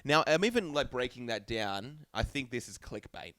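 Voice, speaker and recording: A man co-hosting a laid-back podcast, thinking aloud as he goes. His pitch rises and falls a lot, and his voice sounds dry and close to the mic. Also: sing-song, normal speed, a bit bright, no echo. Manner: rambling, thinks aloud with fillers. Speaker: podcast co-host. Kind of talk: casual chat.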